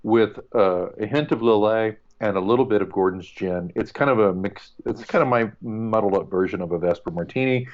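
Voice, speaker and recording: A man's voice: lowish voice, brisk, few pauses, lo-fi sound. A man co-hosting a podcast in casual chat, joking and rambling with asides. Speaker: podcast co-host.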